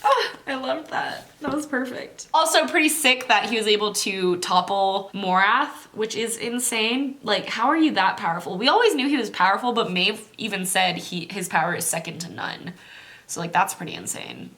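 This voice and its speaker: A woman's voice: mid-range voice, lively intonation, moderate pace, a bit bright. A young woman chatting casually on her vlog about a book, mildly critical, with lots of fillers. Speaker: book vlogger.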